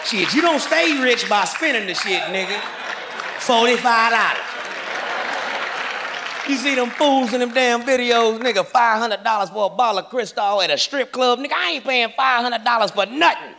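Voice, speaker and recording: Brash high-voiced male stand-up comic. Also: moderate pace. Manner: brash, profane, loud punchlines. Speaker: stand-up comedian. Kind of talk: stand-up comedy set. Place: live comedy stage before an audience. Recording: live show with crowd and noise.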